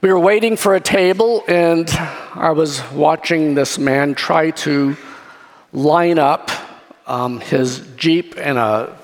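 A male pastor with a notably high voice preaches, spinning a story with lively, acted-out turns. His voice rings through a hall with a long reverb tail. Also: slow pace. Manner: lively storytelling, acts out scenes. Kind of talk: sermon.

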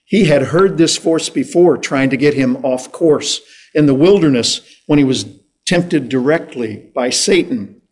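Slow, deliberate male preacher. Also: a little high, darkish tone, slightly rough. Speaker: pastor. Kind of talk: sermon.

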